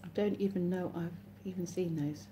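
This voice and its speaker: A woman's voice: lowish voice, steady tone, moderate pace, mellow, slight background noise. An English woman hosting a casual live stream, chatting and reading viewer comments aloud with frequent laughs. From England.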